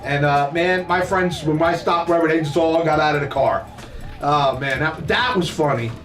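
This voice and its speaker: A man's voice: fairly high pitch, normal speed, a bit bright. An older man telling childhood stories in a rambling, profane, laughing way as a podcast host. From New Jersey. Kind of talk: casual storytelling. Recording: roomy echo, mic at a distance, faint music.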